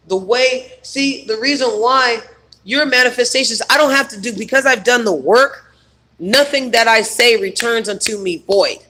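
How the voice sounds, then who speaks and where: A man's voice: very high voice, a little slow, pushed and bright. A man coaching on trauma healing in a rambling, emphatic spiritual self-help monologue full of fillers.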